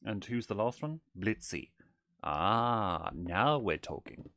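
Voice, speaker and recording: Casting: man playing a theatrical male owl demon prince, lower-voiced, fond of "darling", streaming a game. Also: sing-song, slow pace, fairly bright tone, slight background noise, heavily acted. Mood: playful. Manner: theatrical, calls people darling, giggly. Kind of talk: in-character gameplay livestream.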